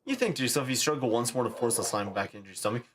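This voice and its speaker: Animated man reading game text. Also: mid-range voice, very fast, a little hiss or hum. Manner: animated, laughing asides. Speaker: streamer.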